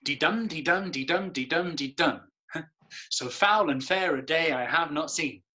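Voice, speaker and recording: Macbeth, knows he's in a play, teasing, likes reciting verse, sharp bright tone. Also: on the high side, big pitch swings, unhurried, full character voice. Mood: knowing. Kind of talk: educational drama.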